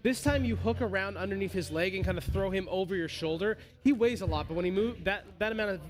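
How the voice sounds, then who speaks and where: A man's voice: sits high, fast, faint music behind. A man narrating as game master of a tabletop game, loose and full of fillers. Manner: loose, many fillers, laughs often.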